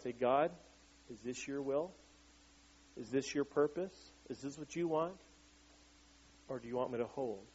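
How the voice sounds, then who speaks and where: A man delivers a sermon in a loose, conversational way, putting questions to his listeners and answering them himself. His voice sits a little high for a man. The recording sounds somewhat dull and lo-fi. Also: a little mellow. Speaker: pastor.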